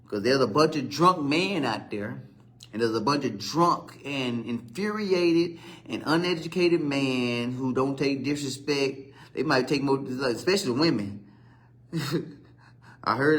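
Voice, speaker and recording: A man's voice: mid-range voice, normal speed. Profane thirties male host, rambling storyteller, mid-range voice. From Virginia, USA. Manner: rambling storytelling with profanity and animated quoted outbursts. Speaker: talk show host. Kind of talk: casual live-stream monologue.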